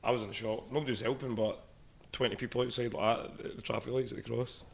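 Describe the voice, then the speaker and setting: Fast-talking Scottish man. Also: mid-range voice, steady tone, gravelly. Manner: quick, rambling anecdotes. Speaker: podcast co-host. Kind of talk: casual chat.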